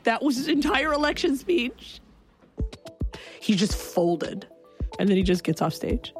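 Animated woman telling a personal story. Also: fairly high pitch, unhurried, faint music behind. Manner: animated, breaks into loud acted quotes.

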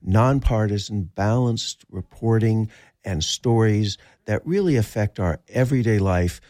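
A male public radio host with a very deep voice, recorded dry and close with no room sound. He rambles a little, fills gaps with "uh", and jokes about his own mistakes. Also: a little slow, darkish tone, no room sound. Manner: self-deprecating, rambling, with fillers. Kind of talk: on-air radio banter.

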